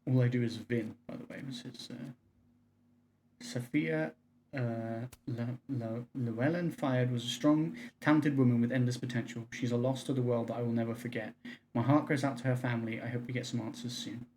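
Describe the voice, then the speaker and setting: A man livestreams a story game in a relaxed, conversational way, reading the on-screen messages aloud in a quiet, subdued voice. His pitch sits in the middle, and a faint noise runs under the recording. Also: normal speed. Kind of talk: casual let's-play commentary.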